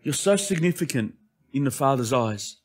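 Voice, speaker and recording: A male pastor preaching an impassioned sermon that swings between emphatic lines and hushed asides. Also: mid-range voice, animated, moderate pace, breathy edge.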